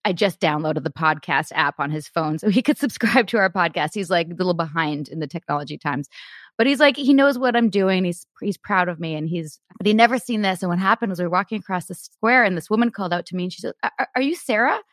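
A woman's voice: lowish voice, lively intonation, fast talker, dry recording, clean studio sound. A woman hosting a podcast, talking in a chatty, eager storytelling way full of fillers. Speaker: podcast host. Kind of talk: casual interview chat.

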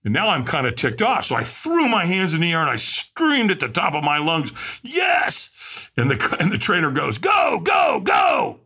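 Husky, animated male storyteller. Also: fairly high pitch, fairly quick, hardly any pauses, a faint crowd. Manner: vivid, animated storyteller who acts out what others said. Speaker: podcast guest. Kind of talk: personal storytelling.

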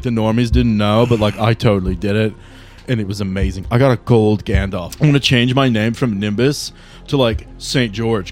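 A man voicing an excitable young male vape bro who gushes in breathless bro-speak. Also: lowish voice, lightly acted.

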